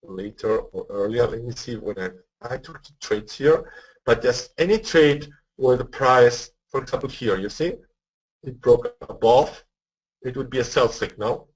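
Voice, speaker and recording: Poor audio captures a man with a medium-pitched, slightly rough voice presenting a live trading webinar at a measured pace. Explaining step by step, he repeats words and keeps asking for feedback on whether listeners are with him.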